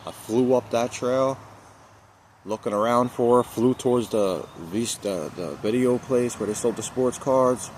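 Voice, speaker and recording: A man's voice: medium pitch, measured pace, darkish tone, a little hiss or hum. A man vlogging a personal story in casual speech, repeating phrases for emphasis and using street slang.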